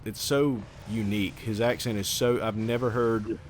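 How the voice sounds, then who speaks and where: A man's voice: on the low side, fairly even intonation, a little hiss or hum. A man streaming a game and chatting casually with friends, rambling and swearing as he talks. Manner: rambling, profane, drawn-out talk. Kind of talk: casual chat while gaming.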